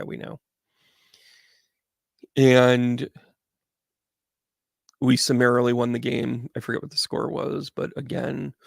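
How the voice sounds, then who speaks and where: A middle-aged male host, medium in build, tells a rambling story in a chatty way to a live audience, restarting frequently. His voice is mid-range and creaky, recorded at studio quality with no echo.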